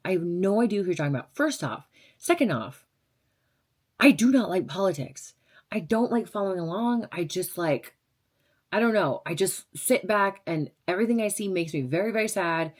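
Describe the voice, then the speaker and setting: A woman's voice: on the low side, a little mellow. Blunt, sarcastic young woman vlogger. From Las Vegas. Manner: blunt, sarcastic, chatty with laughs and fillers. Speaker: radio DJ and vlogger. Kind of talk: casual chat answering viewer questions.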